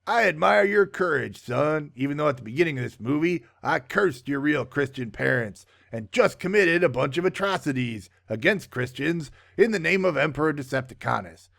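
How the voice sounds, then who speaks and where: A man's voice: fairly high pitch, expressive, normal speed, vocal fry, few pauses, a bit bright. A man doing a pompous Roman governor.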